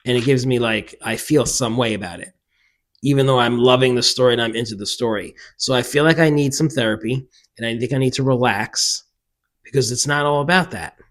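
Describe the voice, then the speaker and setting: Animated, self-mocking male book vlogger. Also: mid-range voice, fairly quick. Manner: animated and self-mocking, bursts of loud laughter. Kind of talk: casual chat to camera. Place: room alone.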